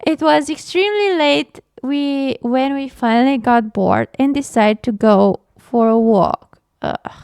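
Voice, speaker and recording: A young woman reading a scary story aloud, halting to react with gasps and nervous laughs. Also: high voice, gravelly, a little mellow, clear, resonant tone, no room sound, clean studio sound. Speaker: horror story reader and reactor.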